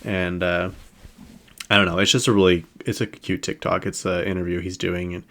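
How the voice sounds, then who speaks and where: Low-voiced chatty male podcast host. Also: flat delivery, moderate pace, fairly bright tone. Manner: chatty, rambling, many fillers. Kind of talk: casual chat about celebrity news.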